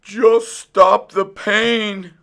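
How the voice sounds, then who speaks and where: A man's voice: on the low side, drawn-out words, a bit bright, smooth. A man voicing a desperate male fox who wails and whimpers with a toothache. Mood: pleading. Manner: whimpering, pleading.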